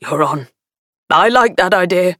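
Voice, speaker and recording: A woman voicing a kindly retired grandfather with a mild, gentle manner. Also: fairly low pitch, lively intonation, a little slow, dry recording, studio quality.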